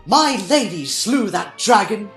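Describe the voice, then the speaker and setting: A man's voice: high-pitched, big pitch swings, measured pace, fairly bright tone, voice pushed up, exaggerated voice. A man reading a storybook aloud, voicing a proud and imperious queen of the night who snaps in anger and pleads in sorrow. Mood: angry. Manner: snaps angrily, then pleads sadly. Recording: roomy room, faint background music.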